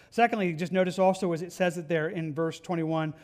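A man's voice: high-pitched, fairly even intonation, brisk. A man preaching a conversational sermon as pastor, earnest and plainspoken, often asking his listeners questions.

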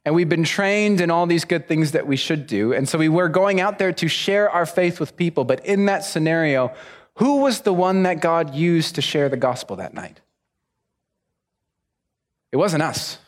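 A young man delivers a sermon as a lively story, acting out the other people's voices. His voice sits fairly high. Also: moderate pace. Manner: animated storyteller, acts out voices. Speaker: preacher.

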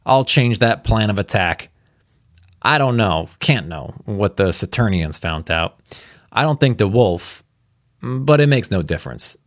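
Man doing a gruff barking army general. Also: on the low side, animated, measured pace, no echo, clean studio sound. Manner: barking, abrupt orders.

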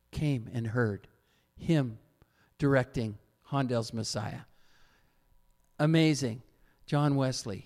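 Animated male pastor in a reverberant hall. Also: on the high side. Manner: animated storytelling with sudden loud peaks. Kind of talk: sermon. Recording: long reverb of a large hall.

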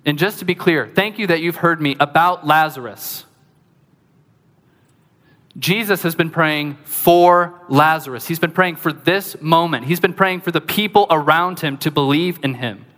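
A man preaching a sermon as pastor, lively and conversational, with joking asides to the congregation. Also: on the high side, unhurried, big-room sound.

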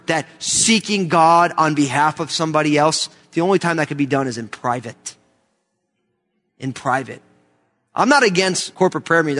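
A man's voice: fairly high pitch, fairly bright tone. A man from the United States preaching a sermon, emphatic and fervent, with many rhetorical questions. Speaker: pastor. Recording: long hall reverb.

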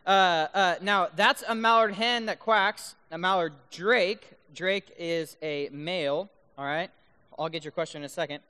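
A man giving a youth talk to high schoolers, playful and constantly checking in with the audience. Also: unhurried, pushed and bright, smooth. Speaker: youth speaker. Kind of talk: youth talk with duck call demos. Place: large room full of high schoolers. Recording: long reverb in a hall.

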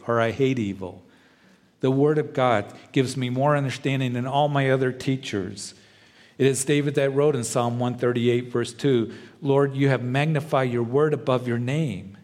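A man preaching a sermon, earnest and emphatic, who leans on repeated phrases and slows down to stress a point. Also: mid-range voice, steady tone, darkish tone. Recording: long reverb of a large hall.

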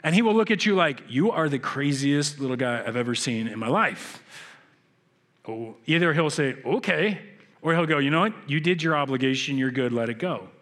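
A young adult man preaching a sermon, telling stories and acting out quoted voices with big jumps in pitch. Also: lively intonation, moderate pace, a bit bright. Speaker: pastor. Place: church sanctuary.

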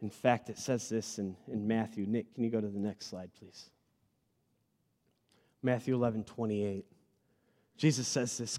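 A man in his thirties preaching a sermon to a congregation, earnest and personal, swinging between loud emphatic bursts and soft, quiet moments. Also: lowish voice, steady tone, moderate pace, long pauses. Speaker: pastor. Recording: long hall reverb.

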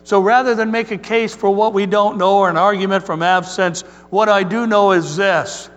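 A man preaching a sermon as pastor, telling stories in an earnest, measured way. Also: high voice, steady tone, fairly bright tone, big-room sound.

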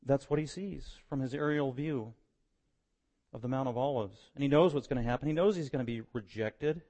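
A man preaching a sermon, moving between quiet verse-by-verse teaching and loud, impassioned stretches. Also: mid-range voice, brisk.

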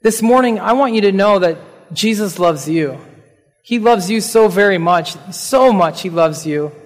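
A man preaching a sermon as pastor, reading scripture aloud and slowing down on the key verses in an earnest way. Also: high voice, animated, in a large hall.

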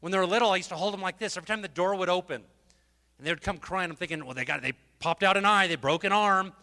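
A man preaching a sermon from a festival stage, fervent and emotional, swinging from loud exhortation to hushed talk. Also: high voice, fast, in a large hall. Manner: emotional, repeats and restarts words.

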